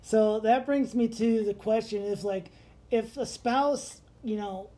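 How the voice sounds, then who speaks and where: A man's voice: high voice, takes it slowly. A man co-hosting a podcast in casual chat, telling stories with lots of animation and laughter. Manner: animated storyteller, laughs often. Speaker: podcast co-host.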